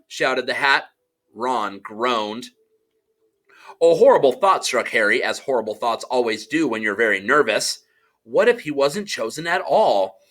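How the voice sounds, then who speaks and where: Animated, bright-voiced male audiobook narrator. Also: medium pitch. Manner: animated storytelling, does character voices.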